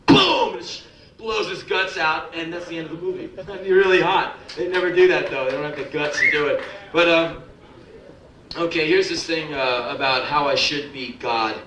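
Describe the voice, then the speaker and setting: A man's voice: a little high, fairly even intonation, moderate pace, background noise. A man performing profane, sardonic spoken-word stories live in a music club, acting out the people in them. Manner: profane, sardonic, acts out quoted voices. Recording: roomy live club recording from a distance.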